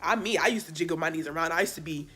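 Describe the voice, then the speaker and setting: Young woman, bright forceful voice, chatty storytime, sassy asides, faint music behind. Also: deep voice, racing. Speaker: vlogger. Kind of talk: casual storytime.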